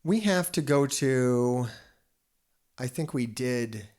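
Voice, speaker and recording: A man's voice: medium pitch, animated, slow pace, a little mellow. Profane, rambling male streamer. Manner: profane, rambling, laughs often. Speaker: livestream host. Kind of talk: casual live-stream chat.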